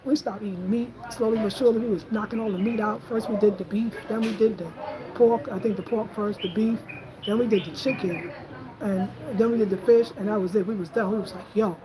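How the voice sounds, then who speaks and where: A woman, telling stories in a casual, animated, slangy way and acting out quotes in a higher voice. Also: rough recording. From Brooklyn, New York. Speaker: host. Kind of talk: casual storytelling chat.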